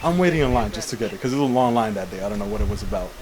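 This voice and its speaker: A man's voice: on the low side, animated, very fast, background noise. A young man co-hosting a casual chat show, telling a long rambling story and often saying "how you call it". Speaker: podcast co-host.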